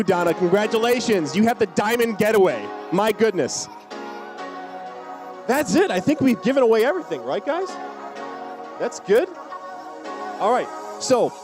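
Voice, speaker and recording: A middle-aged man hosting a charity auction, cheerfully announcing prize winners and stretching out their names. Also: high voice. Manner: upbeat, drawn-out name calls.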